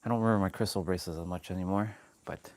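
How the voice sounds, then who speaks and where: A fitness streamer keeps a friendly running chat with viewers, addressing them as "brother," as he counts out his reps. His low voice is fast, with fairly even intonation.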